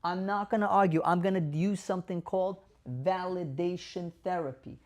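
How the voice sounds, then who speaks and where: A man's voice: high voice, fairly even intonation, moderate pace, hardly any pauses, darkish tone. A man hosting a caregiver advice show as a doctor, speaking straight to camera in an emphatic way and sometimes acting out sample dialogue. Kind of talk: direct-to-camera explainer.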